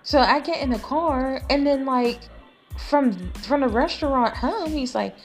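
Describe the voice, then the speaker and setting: A woman's voice: high-pitched, measured pace, soft background music. A woman hosting a podcast, telling a personal story in a blunt, chatty, profane way, talking to the listener like a close friend. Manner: talks to listener like a friend, calling them sis. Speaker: podcast host. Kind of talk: casual storytelling monologue. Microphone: podcast voice recording.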